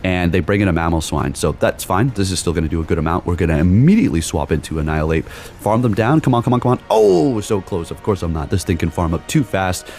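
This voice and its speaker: A young man with a deep, low voice calls his online battles live, quick to exclaim when a play goes his way or against him. Faint music plays beneath his desk-mic commentary. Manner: excitable, exclaiming, talks to viewers. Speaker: gaming YouTuber. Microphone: desk microphone.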